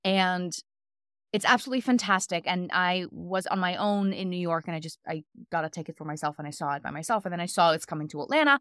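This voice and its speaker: A woman co-hosting a podcast who tells stories in a casual, animated way and acts out the quotes. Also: lowish voice, quick pace, clear, resonant tone, no echo, studio quality. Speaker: podcast co-host. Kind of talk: casual conversational storytelling.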